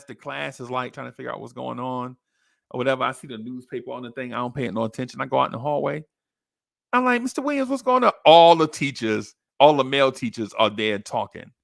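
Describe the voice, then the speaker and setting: A man's voice: vocal fry, no echo, studio quality. A man, a podcast host casually telling a personal story, acting out the voices of the people in it. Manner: animated, acts out quoted voices with high pitch jumps.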